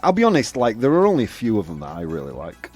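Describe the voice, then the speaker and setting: A man's voice: on the low side, huge pitch swings, fast talker, a little mellow, husky. A young man from the UK hosting a casual chat show, rambling with lots of fillers and restarts. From United Kingdom. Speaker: host.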